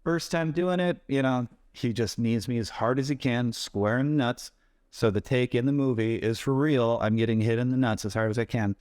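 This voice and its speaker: A man who works as a stuntman, telling lively anecdotes in a casual interview and acting out what people said. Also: mid-range voice, moderate pace, clean tone, no room sound, studio quality. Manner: animated anecdotes, acts out quoted voices. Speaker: stuntman guest.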